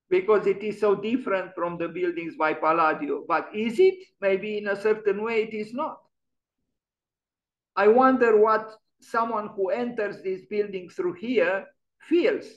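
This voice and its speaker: A man's voice: sits high, lo-fi sound. A man giving an online lecture on architecture, musing and emphatic, often restarting his sentences. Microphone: video call.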